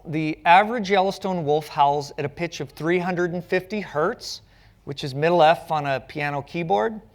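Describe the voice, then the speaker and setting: Playful man giving a lecture. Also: fairly high pitch. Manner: playful storytelling with jokes. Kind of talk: public lecture. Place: stage at a community arts center.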